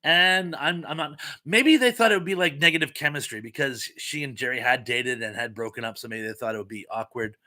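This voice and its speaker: Chatting casually on his live stream, a man with a medium-pitched, pushed, bright voice reads viewer comments out loud. He goes a little fast with hardly any pauses, ums frequently, and sounds a bit scratchy because of pollen.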